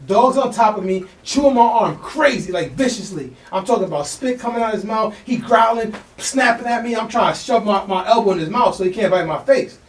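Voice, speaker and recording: A man co-hosting a podcast, telling a story in a fast, slangy, animated way and acting out the voices of people in it. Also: high voice. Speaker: podcast co-host. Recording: echoey room, mic at a distance.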